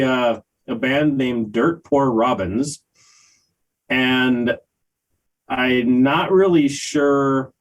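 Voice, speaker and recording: An older man co-hosting a music review podcast, talking in a casual, hesitant way with many pauses and fillers. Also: mid-range voice, low-quality recording. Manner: slow, hesitant, many ums and uhs. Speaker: podcast co-host reviewing albums. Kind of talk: casual chat.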